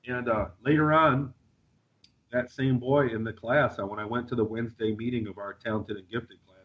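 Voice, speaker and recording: A man's voice: mid-range voice, steady tone, measured pace, pauses often, dull audio. A man telling his story as a radio interview guest, rambling with lots of fillers and restarts.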